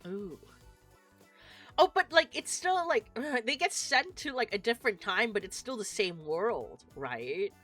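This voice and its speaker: A woman's voice: on the high side, big pitch swings, unhurried, fairly bright tone, faint music behind. A woman guest on a streamed talk show, agreeable and giggly, reading out the chat.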